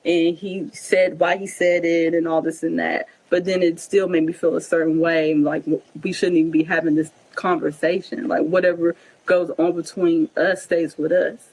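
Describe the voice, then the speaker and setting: A woman's voice: lowish voice, moderate pace, husky, low-quality recording. A woman vlogger answering viewer questions in a casual Q&A, telling a personal story and acting out the dialogue as she goes. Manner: animated, acts out quoted dialogue.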